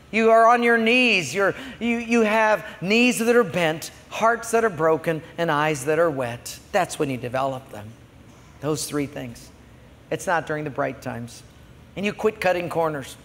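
A pastor preaching a sermon, telling a story and moving from quiet to loud passages. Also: male voice, fairly high pitch, measured pace. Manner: storytelling, swinging from hushed to loud. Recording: long hall reverb.

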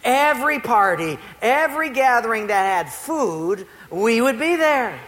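A middle-aged male pastor preaching a sermon to a congregation, telling stories in an animated, playful way. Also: very high voice, a little slow. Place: church before a congregation. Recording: long hall reverb.

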